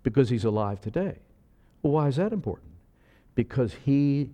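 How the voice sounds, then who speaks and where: A man preaching a sermon as pastor, animated and acting out voices, moving between loud and soft. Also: medium pitch, normal speed, pauses often.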